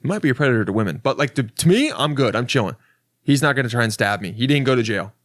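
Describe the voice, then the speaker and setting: A man talks through a casual solo comedy podcast in a loose, rambling way. He keeps restarting his sentences and drops profane, wry asides. His voice sits at an ordinary middle pitch, and the recording is dry with no room sound. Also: expressive, fast talker, fairly bright tone, no room sound. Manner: rambling and self-interrupting, with frequent restarts.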